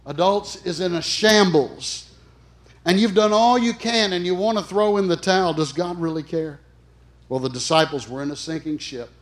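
Middle-aged male chaplain preaching, emphatic, dynamic swings, slightly high pitch. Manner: emphatic, swings between loud and soft. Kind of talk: sermon.

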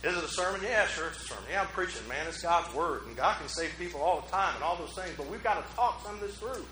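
A man preaching a relaxed, conversational sermon as pastor, joking at his own expense and drawing in the congregation. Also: fairly high pitch, fast, slight background noise. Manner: joking, self-mocking, talks with the congregation. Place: church. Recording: roomy hall echo.

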